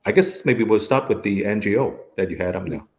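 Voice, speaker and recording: A man's voice: lowish voice, brisk, a little mellow. A man hosting an interview, speaking hesitantly with many fillers. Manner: hesitant, with many ums and uhs. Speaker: talk show host. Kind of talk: conversational interview.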